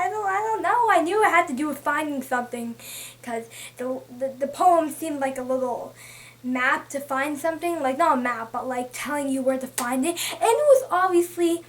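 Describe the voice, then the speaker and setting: High-voiced chatty young woman. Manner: chatty and excitable, thinking aloud with many restarts. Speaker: book vlogger. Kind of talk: casual book talk.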